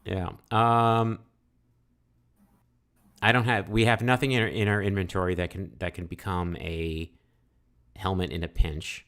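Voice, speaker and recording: A man with a very low voice talks his way through a text adventure. He reads the game text aloud and thinks out loud in a chatty way, with lots of fillers and restarts. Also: fairly even intonation, a little slow, pauses often, clean tone. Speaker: let's-play host. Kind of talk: casual game playthrough, reading text aloud.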